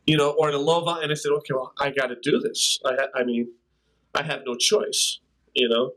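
With medium pitch, fairly even intonation, and a slightly bright tone, an older drummer talks fairly quickly as an interview guest; the audio is poor. His casual storytelling wanders from anecdote to anecdote, mixed with laughter and scatted beats.

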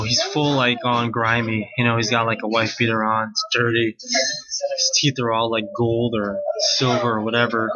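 A man's voice: mid-range voice, highs cut off. A man talking casually on his own, rambling and chatty with lots of filler words and slang. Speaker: wedding guest recounting his sister's wedding. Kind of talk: casual solo monologue.

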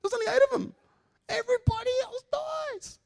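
A preacher putting on a shrill, aghast young man with an Indian accent. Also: brisk, vocal fry. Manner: loud, high and exclaiming, throws arms around. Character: excitable young male coworker, bewildered Bible reader.

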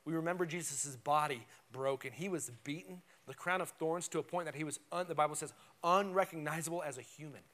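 A man's voice: a little high, fairly quick, hardly any pauses, fairly bright tone. A man preaching a conversational, emphatic sermon in a church, often checking in with "right?". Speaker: pastor. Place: church sanctuary.

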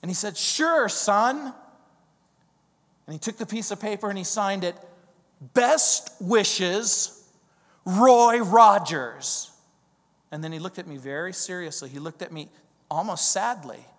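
High-voiced pastor preaching in a reverberant hall. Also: male voice. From Southern California. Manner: storytelling, emphatic with slow drawn-out stresses. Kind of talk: verse-by-verse sermon. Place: church sanctuary. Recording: long reverb of a large hall.

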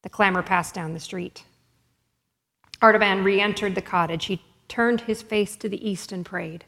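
A woman narrates a story in a measured, expressive reading. Her pitch sits in the middle. A long hall reverb trails each line.

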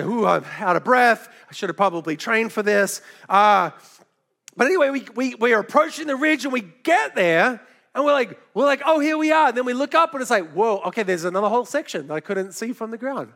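A middle-aged man preaching with a high, bright voice and a gravelly edge. He tells stories in a loose, chatty way, breaking off for quick asides and little laughs. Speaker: pastor. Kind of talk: sermon.

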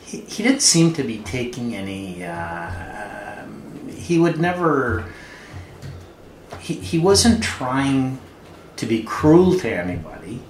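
An older man from Canada telling an amused, halting anecdote about his late father. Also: medium pitch, very animated. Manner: unhurried, halting, amused storytelling. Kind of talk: anecdotal storytelling. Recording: roomy with faint noise.

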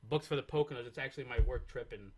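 A man's voice: mid-range voice, rapid-fire, a crowd in the background. A man who is a guest comedian, telling stories and joking in a casual podcast chat. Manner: animated, storytelling, joking.

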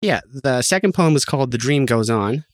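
A man's voice: mid-range voice, animated, a little fast, no echo. A man co-hosting a podcast in casual chat, with dry sarcastic asides. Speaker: podcast co-host.

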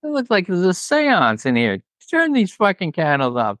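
A man doing a high, snappy, irritated rock star. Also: wildly swooping pitch, moderate pace, a bit bright, no room sound, heavily acted. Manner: blunt, profane, snapping. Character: gruff irritated older male rock star.

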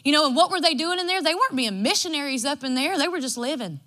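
A woman gives a devotional sermon. Her voice is bright and pitched a little high. She tells homespun stories and acts out what she said along the way. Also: animated, fast talker. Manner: folksy and storytelling, acts out her own quotes. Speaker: preacher.

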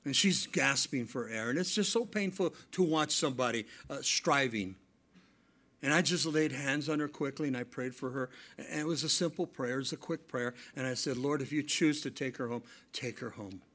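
A middle-aged male pastor preaching a sermon, telling stories and swinging between loud emphatic lines and hushed ones. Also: mid-range voice.

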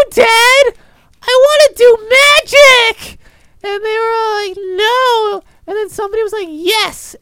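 Gnome, drunk and sentimental, very high squeaky voice, dry mic, a woman puts it on. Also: no echo. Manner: slurred, stammering, sentimental. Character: drunk rambling gnome adventurer. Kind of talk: tabletop role-play.

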